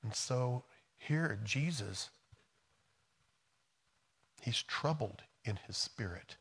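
A middle-aged American man preaching a sermon, moving between quiet, soft passages and loud, emphatic storytelling. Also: mid-range voice, expressive, very slow, slightly rough. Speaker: pastor.

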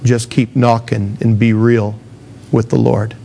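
A man preaching a sermon in a mid-range voice, speaking with emphatic rises and lively acted quotes. He talks straight to his listeners, pressing his points home. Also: mid-range voice, unhurried, vocal fry, a little hiss or hum. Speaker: pastor.

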